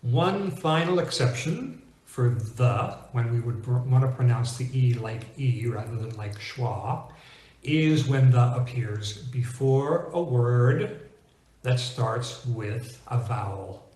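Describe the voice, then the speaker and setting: A man teaching English pronunciation in a clear, deliberate way, slowing down to stress example words. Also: medium pitch, a little mellow, reverberant. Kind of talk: scripted teaching monologue.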